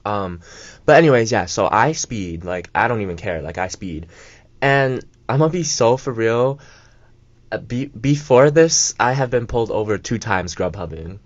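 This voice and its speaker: A young man with a fairly low voice tells a long story on a college radio show, wandering through asides with plenty of "like" and "um." The sound is dry and a little dull, as if from a modest studio mic. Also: expressive, no echo. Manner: rambling, filler-heavy, quick asides. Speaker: radio co-host. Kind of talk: casual storytelling chat.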